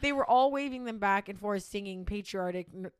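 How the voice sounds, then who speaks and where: A young woman co-hosting a podcast in casual chat, animated and teasing, laughing often. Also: mid-range voice, brisk, smooth, no room sound, studio quality. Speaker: podcast co-host.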